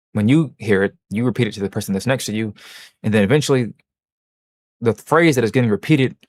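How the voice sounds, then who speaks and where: A man's voice: lowish voice, darkish tone, no room sound. A man hosting a livestream, chatting casually and answering his chat in a rambling, joking, self-mocking way with many restarts. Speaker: livestream host.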